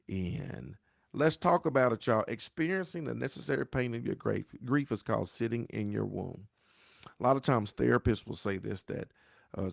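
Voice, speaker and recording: A man's voice: medium pitch, gravelly, dry recording, studio quality. A man giving a motivational talk on grief, with a preacher-like cadence, repeating his phrases and calling his listeners "y'all.". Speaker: grief speaker.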